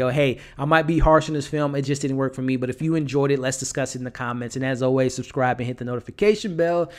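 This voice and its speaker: Casual male vlogger, higher-pitched, loose and conversational, bluntly critical. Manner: conversational, many fillers and repeated words. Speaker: movie reviewer. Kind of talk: casual spoken film review.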